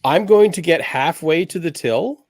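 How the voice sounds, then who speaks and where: A man's voice: on the high side, lively intonation, measured pace, husky, no room sound. A man playing a tabletop game, chatty and playful. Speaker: player. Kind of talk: casual tabletop play.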